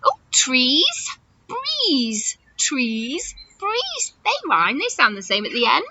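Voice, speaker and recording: Teacher lady reading a picture book aloud for little kids, super animated, slow, muffled lo-fi sound with faint noise. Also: sits high, no room sound. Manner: expressive, warm-toned questioning of young listeners.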